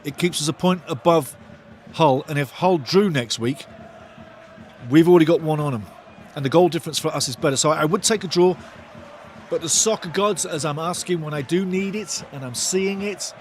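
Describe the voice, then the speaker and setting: A man hosting a live football watch-along, commentating excitedly, shouting at big moments and reading viewer comments aloud, often repeating his phrases. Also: on the high side, slight background noise.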